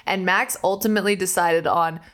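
Animated woman telling stories with a laugh. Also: lowish voice, brisk. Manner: animated storyteller, laughs often, acts out quotes. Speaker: podcast co-host. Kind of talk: casual chat, storytelling.

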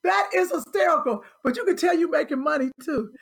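Woman guest, high gravelly voice, loud teasing banter. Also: lively intonation, fairly quick, slight background noise. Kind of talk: casual chat.

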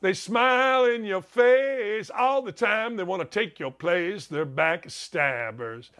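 An older man hosting a talk show in a high, bright voice. He rants bluntly and combatively, firing off opinions in a monologue. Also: lively intonation, takes it slowly, smooth. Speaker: sports talk show host.

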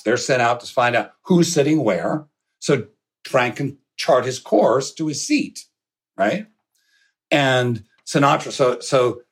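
A middle-aged man with a husky, slightly rough voice tells a story in an animated way. His pitch jumps around a lot as he acts out the scene and laughs, with the odd curse thrown in. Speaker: podcast guest. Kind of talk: storytelling anecdote.

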